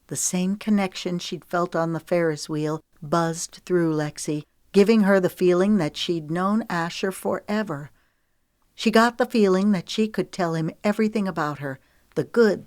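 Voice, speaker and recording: A woman narrating an audiobook romance in a measured, even storytelling manner, recorded dry and close. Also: deep voice, no room sound.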